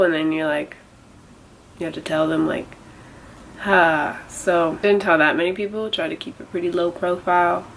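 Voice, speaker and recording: A woman's voice: on the low side, a little hiss or hum, poor audio. A young woman vlogging about a setback in a casual, rambling way, with a nasal voice and lots of filler words. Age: young adult. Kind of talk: casual confessional vlog.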